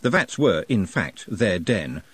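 A man narrating an audiobook in an expressive, wry manner, recorded close to the mic. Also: lowish voice, measured pace, slightly rough. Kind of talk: scripted narration.

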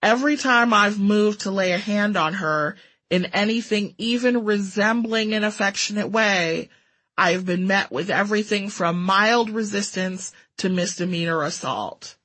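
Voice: mid-range voice, moderate pace, bright, forceful tone. A narrator reading a first-person story aloud with a wry, sardonic delivery.

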